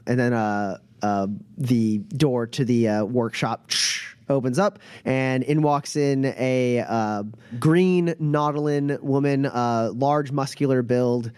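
A man running a tabletop game as game master, narrating haltingly with many fillers. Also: medium pitch, darkish tone, smooth, no echo.

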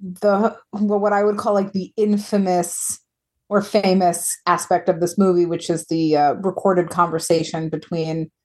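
A woman's voice: lowish voice, little pitch movement, a little slow, a little mellow. An American woman co-hosting a film podcast, asking questions in an easygoing, casual way. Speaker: podcast co-host.

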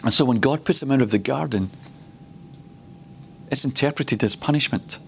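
A man from Glasgow preaching a teaching session to a class, with a voice of middling pitch. He tells stories and slows down, repeating words for emphasis, with a faint hiss of noise behind him. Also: creaky, sharp tone. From Glasgow, Scotland. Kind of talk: teaching sermon.

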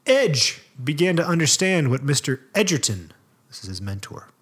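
A man's voice: a little high, very animated, normal speed, a bit bright, husky. A man co-hosting a casual podcast, reading a profile aloud and breaking off for joking asides. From American South. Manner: reads aloud with asides and laughs.

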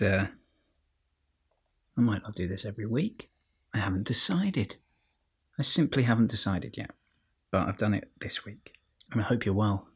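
A man's voice: fairly low pitch, breathy edge. A man hosting a podcast, dry and self-mocking, wrapping up a show and reading a short piece, sometimes dropping to near-whispers. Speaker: podcast host.

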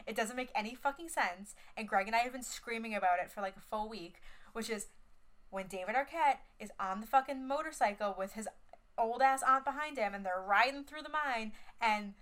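A young woman co-hosting a podcast in casual chat, animated, swearing freely and filling her talk with "like". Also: on the high side, fairly quick. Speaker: podcast co-host.

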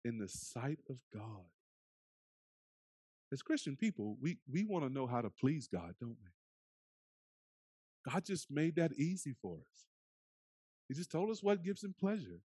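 Earnest preacher with a dry close sound. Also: male voice, fairly high pitch, slightly rough, no room sound. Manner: earnest preaching, dropping to soft hushed phrases. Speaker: pastor. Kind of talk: sermon. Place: church sanctuary.

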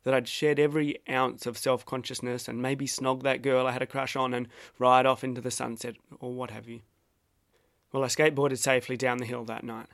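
A man's voice: mid-range voice, level tone, fairly bright tone, no echo. Wry Australian man narrating, dry sound. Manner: measured, wry and self-deprecating. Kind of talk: reflective personal essay narration.

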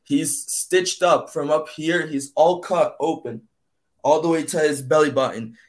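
A young man from Brazil, a native Portuguese speaker, telling his story in a casual interview, animated and full of "man" and "like". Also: a little high, a little slow. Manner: animated, acts out voices in quotes, fills with "man" and "like". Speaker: guest.

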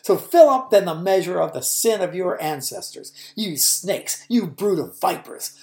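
A woman voicing a stern, grieving man who loudly denounces religious leaders, in a forceful, declaiming way. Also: lowish voice, animated, unhurried, roomy sound. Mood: denouncing.

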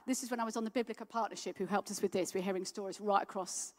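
A woman giving a guest sermon, telling stories in a lively, rousing and heartfelt way. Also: mid-range voice, racing, big-room sound. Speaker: guest preacher.

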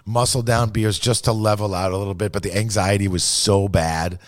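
Low-voiced man telling a rambling tale. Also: fairly even intonation, moderate pace, no echo. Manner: profane, rambling, self-deprecating. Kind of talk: casual podcast storytelling.

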